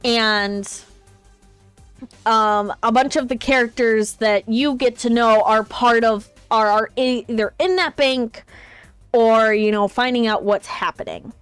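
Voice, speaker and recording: A woman's voice: a little high, a little slow, clean tone, no room sound, soft background music. Chatty woman streamer explaining a game. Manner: chatty, explains the story with fillers. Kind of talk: casual gameplay chat.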